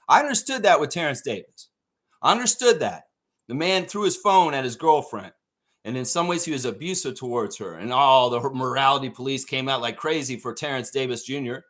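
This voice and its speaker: A man's voice: on the high side, expressive, a little fast, a bit bright. A man hosting a sports fan show who rants in a blunt, profane, heated way. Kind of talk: ranting sports commentary.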